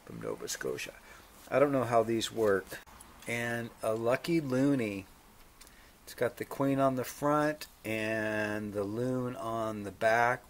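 The host of a motorcycle channel casually reads viewer mail in a medium-pitched, gravelly voice, with slight hiss or hum. He's laid-back with dry humor and plays along with joke letters.

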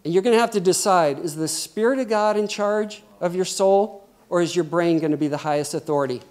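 Man, middle-aged, preacher, sermon, high voice, conversational, animated delivery. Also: fairly quick. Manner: lively, conversational preaching with acted quotes.

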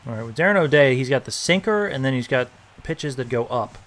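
A young man giving casual, joking commentary while playing a baseball video game, reacting loudly to big plays. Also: medium pitch, expressive, a little fast. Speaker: gaming YouTuber.

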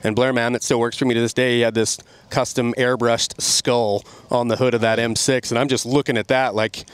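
A middle-aged man, a podcast guest, telling an animated story about riding. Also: mid-range voice, fairly quick, clean tone, no echo. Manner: animated, excited storytelling with laughs. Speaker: podcast guest, snowmobile rider. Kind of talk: casual storytelling.

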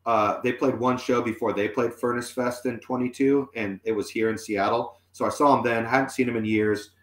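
In a roomy, echoey recording, a man in his forties who is a musician guest speaks at a moderate pace in a steady, medium-pitched voice. His long, casual story rambles, full of fillers and false starts.

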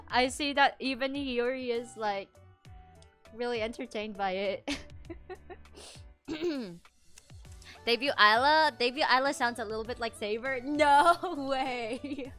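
A woman VTuber chatting casually on a livestream, animated and giggly, rambling with lots of fillers. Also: sits high, takes it slowly, long pauses, faint music behind. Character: princess from another world. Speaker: VTuber streamer.

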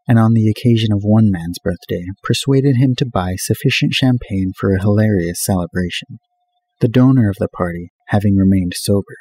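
A man narrating a classic novel in a steady, measured reading voice. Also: fairly low pitch, slight background noise, poor audio. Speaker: audiobook reader.

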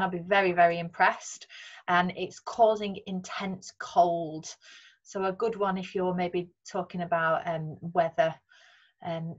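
A woman teacher with a Northern English accent, talking students through a recorded lesson in a clear, patient way with frequent ums. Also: medium pitch, lo-fi sound. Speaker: secondary school English teacher. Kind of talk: recorded remote lesson talk over slides.

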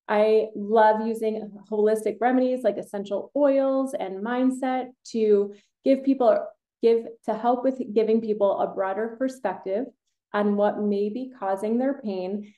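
Mellow-voiced middle-aged woman hosting a podcast. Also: a little high. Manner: chatty, enthusiastic, rambling with fillers. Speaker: podcast host, kinesiologist. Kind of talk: casual podcast chat.

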